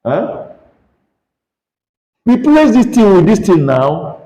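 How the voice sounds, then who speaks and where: A man's voice: high-pitched, very animated, slow, dark tone, roomy sound, poor audio. A man with a Nigerian English accent teaching a physics lesson, questioning students and coaxing them to answer aloud. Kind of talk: classroom lesson with call-and-response questions.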